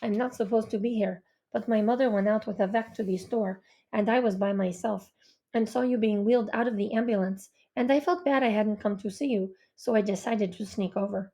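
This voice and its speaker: A woman's voice: mid-range voice, brisk, lightly acted. A woman voicing a polite, earnest young Bengali boy with a light Indian accent. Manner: polite, earnest, soft-spoken.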